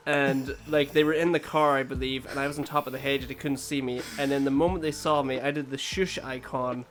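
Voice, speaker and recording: A man's voice: mid-range voice, fairly even intonation, quick pace, hardly any pauses, fairly bright tone, faint music behind. A man co-hosting a casual podcast, telling gaming stories in a rambling way and laughing often. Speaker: podcast co-host. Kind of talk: casual storytelling chat.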